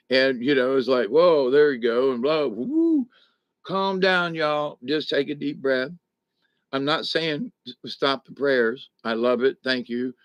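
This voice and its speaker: A middle-aged vlogger, home indoors and healing from back surgery, chats casually and rambles to his viewers live, folksy and chuckling between thoughts. His voice is mid-range with a fairly bright tone. The recording is dry.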